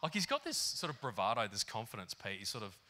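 A man preaching a sermon in an animated, conversational way, with lots of fillers. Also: fairly low pitch, quick pace, a little hiss or hum. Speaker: pastor. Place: church hall.

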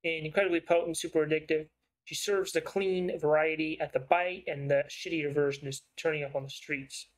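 A man voicing a shrewd, persuasive investigative writer in a story game, with a smooth, probing way of talking. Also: on the high side, steady tone, fairly quick, natural voice, rough recording.

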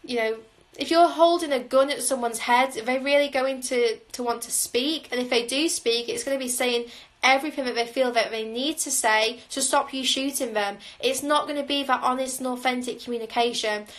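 A woman with a somewhat high voice talks through a tarot spread on a livestream. She sounds musing and intuitive, pausing on "um" as she reads each card. The sound comes through a phone mic. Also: fairly bright tone, rough recording. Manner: musing, intuitive, frequent "um" fillers. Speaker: tarot reader. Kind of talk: live tarot reading.

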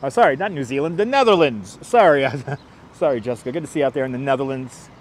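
A man's voice: medium pitch, lively intonation, fast talker, slight background noise. A man from New York hosting a live stream while walking outdoors, greeting viewers one by one in a casual, upbeat way on a clip-on mic. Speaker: live-stream host walking a city tour. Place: outdoors on city streets by a river. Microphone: wireless clip-on mic.

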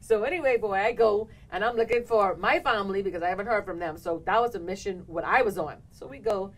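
A woman hosting a talk show, telling a story in an animated way and acting out what people said. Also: medium pitch, fast talker, low-quality recording. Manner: animated, laughing, acts out quotes. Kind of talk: casual storytelling chat.

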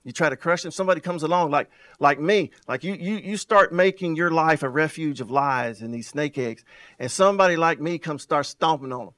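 Preaching with a fairly high pitch, this male pastor leans on rhetorical questions and repetition. His volume and pace shift dramatically from loud to soft, and he stretches words out to stress them.

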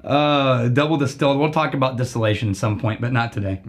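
Man, American, host, casual tasting chat, joking, mid-pitched voice. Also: quick pace. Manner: joking, explains at length. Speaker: whiskey show host.

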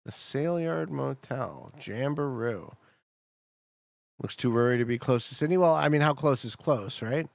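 Male streamer, chatty and excitable, gravelly voice, very lively pitch, dry close sound. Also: normal speed, no room sound. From Canada. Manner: chatty, talks to chat, excitable outbursts. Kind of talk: casual live-stream commentary.

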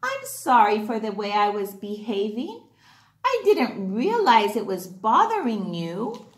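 Brief: woman reading a soft, earnest storybook seahorse boy, slow and roomy. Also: on the high side, huge pitch swings, pitched below the performer's own voice. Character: gentle sorry young male seahorse. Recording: roomy echo.

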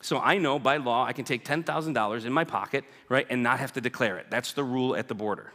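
This guest speaker talks fast in a mid-range voice with a sharp tone, telling the congregation about his own experience. He chats along, repeatedly asking "right?", and his words ring out with long reverb in the big church hall.

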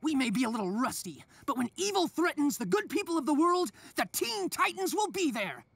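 A man voicing a bossy, excitable teen boy superhero leader in a cartoon, commanding and prone to shouting. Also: very high-pitched, brisk, gravelly, dry recording, heavily acted. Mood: determined. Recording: cartoon audio with music behind.

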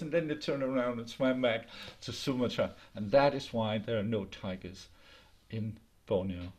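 Lively storyteller man. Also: mid-range voice. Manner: lively, halting with restarts, laughs along. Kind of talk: oral folk storytelling. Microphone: video call.

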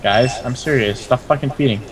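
A man's voice: medium pitch, brisk, distant mic, a crowd in the background. A young man in casual chat while gaming, complaining angrily and swearing at his teammates. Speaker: gamer.

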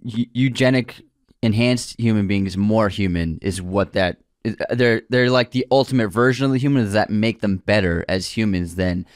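A man's voice: fairly low pitch, normal speed, dry recording, studio quality. A man co-hosting a film podcast, talking earnestly and stumbling over words now and then. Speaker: podcast co-host. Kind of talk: casual film discussion.

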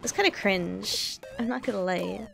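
A young woman streaming a game live, reacting excitably and swearing as she plays. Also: medium pitch, normal speed, gravelly, soft background music. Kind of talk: live gameplay commentary.

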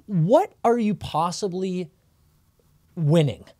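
A man co-hosting a sports podcast, ranting in casual chat with big swings between loud and quiet. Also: high-pitched, lively intonation, takes it slowly, dry recording, studio quality. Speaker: podcast co-host.

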